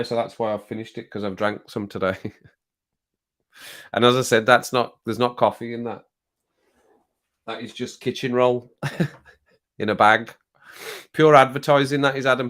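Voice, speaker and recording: Speaking into a desk microphone at his home setup, a livestream host with a mid-range, slightly bright voice rambles casually to his viewers. Laughter and swearing come up often.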